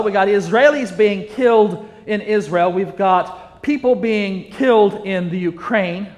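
A man with a high voice preaches a sermon, earnest and emphatic, building his points through repetition. His voice rings out with a long reverb that fills a large hall.

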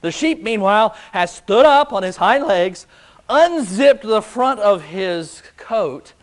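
Man, pastor, sermon, high voice, unhurried, emphatic repeated questions. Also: expressive. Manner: slow, emphatic preaching with repeated rhetorical questions.

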